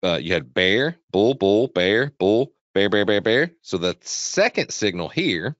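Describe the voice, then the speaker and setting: Chatty low-voiced man teaching trading. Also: very animated, measured pace, a bit bright, dry recording, lo-fi sound. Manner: chatty, repetitive, asks the audience questions. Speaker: trading webinar presenter. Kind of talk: casual live chart walkthrough.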